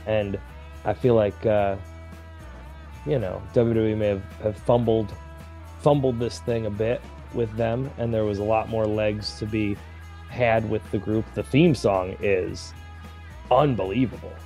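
A man co-hosting a podcast in casual chat, talking haltingly with many restarts. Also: on the low side, fairly even intonation, mellow, soft background music. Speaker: podcast co-host.

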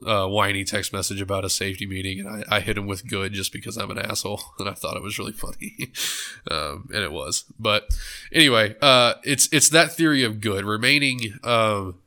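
A man with a low, bright voice hosts a solo book podcast, sounding a little stuffed up. He rambles casually, corrects himself mid-thought and teases with a joke. His tone is loose and conversational. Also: fairly quick. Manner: rambling, self-correcting, joking. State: stuffed up nose. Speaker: book club podcast host.

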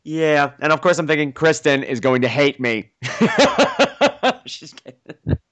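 A man hosting a podcast, telling a story excitedly and playfully mocking himself, often acting out what people said. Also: a little high, slow pace, highs cut off. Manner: excitable, self-mocking, acts out quotes. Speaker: podcast host. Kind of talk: animated storytelling.

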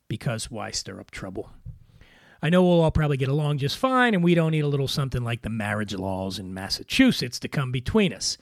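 A man from Philadelphia hosting a podcast, a little weary, delivering a wry scripted comic monologue in a deadpan way. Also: mid-range voice, dry recording, clean studio sound. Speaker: podcast host.

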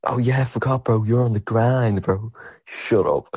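Husky man, dismissive trash talk. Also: mid-range voice, fairly even intonation, normal speed, darkish tone, no room sound, studio quality. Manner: dismissive, repeats "shut up, lad". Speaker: voice chat participant. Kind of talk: trash-talking group voice chat.

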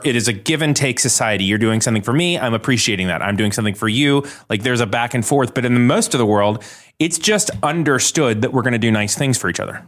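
A man's voice: mid-range voice, fairly bright tone. A man co-hosting a talk show, explaining a study in a casual, chatty way with many fillers. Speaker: podcast co-host. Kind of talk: casual chat.

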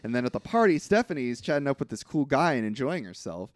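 A man co-hosting a podcast, casually recapping a film in an animated way, acting out quotes and often hedging. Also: mid-range voice, fast talker, no room sound, studio quality. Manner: animated retelling with acted-out quotes, frequent hedging. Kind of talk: casual chat.

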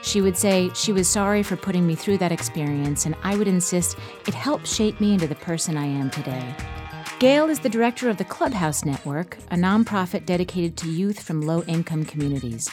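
A woman hosting a radio show, reading a measured, scripted link in the studio. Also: fairly low pitch, animated, a little mellow. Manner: measured, announcing. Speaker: radio host. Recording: studio voice-over with music underneath.

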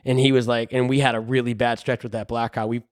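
A man's voice: medium pitch, little pitch movement, fast, no room sound, clean studio sound. A man, a race car driver and regular on the show, chatting casually with a cold that leaves him congested, telling rambling joking stories. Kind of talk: casual chat.

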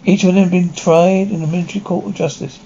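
Gravelly man, flat reading, dull audio. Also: high-pitched, fast talker, slight background noise. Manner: flat, even reading of lines and cues. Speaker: describer. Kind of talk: reading dialogue and sound cues. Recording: dull lo-fi recording.

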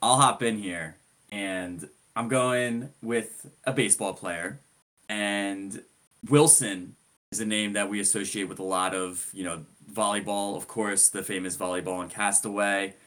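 Man, lowish voice, podcast co-host, enthusiastic rambling sports recap. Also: fairly even intonation, unhurried, fairly bright tone. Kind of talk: casual sports podcast chat.

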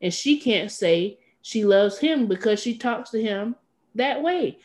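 A woman co-hosting a podcast in casual chat, animated and playfully petty, who often acts out what others might say. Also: on the high side, measured pace. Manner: animated, acts out quoted lines with playful pettiness. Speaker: podcast co-host.

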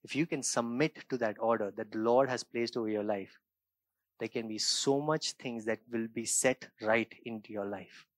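A man preaching a sermon as pastor, moving between quiet reflective passages and raised emphatic points, checking in with "right?" and "okay?". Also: medium pitch, fairly even intonation, normal speed, dry recording.

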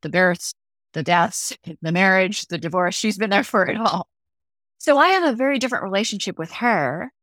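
A woman's voice: mid-range voice, expressive, moderate pace, a bit bright, no echo, clean studio sound. A middle-aged woman talking as a podcast guest, telling personal stories and acting out the lines she quotes. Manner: reflective, acts out quoted dialogue. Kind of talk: conversational interview storytelling.

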